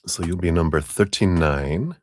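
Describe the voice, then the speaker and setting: A man's voice: sits low, moderate pace. A man hosting a live tarot reading, chatting casually in a rambling way, with lots of "you know" fillers and chuckles.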